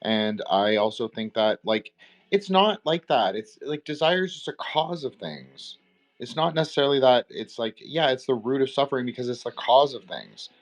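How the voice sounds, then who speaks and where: A man's voice: mid-range voice, lively intonation, normal speed. A man co-hosting a roundtable podcast, talking in a loose, rambling way full of fillers. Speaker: podcast co-host. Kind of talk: casual roundtable discussion.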